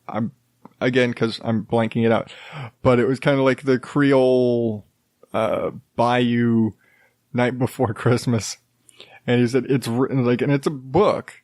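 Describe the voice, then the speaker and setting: A man's voice: medium pitch, a little mellow, no echo, studio quality. A man hosting his own podcast, talking alone in a loose, rambling way, full of fillers and restarts. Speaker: podcast host. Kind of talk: casual solo podcast rambling.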